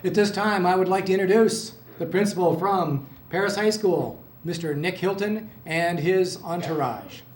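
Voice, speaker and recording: Man, emcee, formal, measured, echoey room. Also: sits high. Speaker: event emcee. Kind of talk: formal announcing. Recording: echoey room with faint noise.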